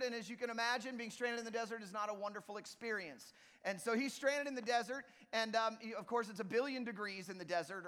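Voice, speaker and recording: A man preaching a sermon as lead pastor, lively and joking with the congregation in a church auditorium. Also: very high-pitched. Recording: long reverb of a church hall.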